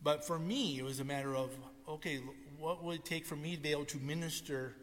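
A man's voice: fairly high pitch, fast. A male pastor preaching a sermon, telling stories and acting out what people said. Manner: animated storytelling, acts out quotes. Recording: long hall reverb.

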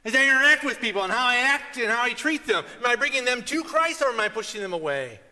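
A man preaching to his congregation in a high, bright voice. He tells stories with energy and breaks into loud outbursts. The sound rings out with the long reverb of a big hall. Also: fast talker. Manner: storytelling, animated with sudden loud outbursts. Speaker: pastor. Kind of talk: sermon.

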